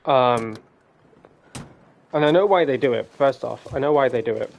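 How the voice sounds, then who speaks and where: Male gaming host, casual commentary, rambling, ranty, swears a lot, mid-pitched voice. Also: moderate pace, gravelly, dull audio. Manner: rambling, ranting, swears freely.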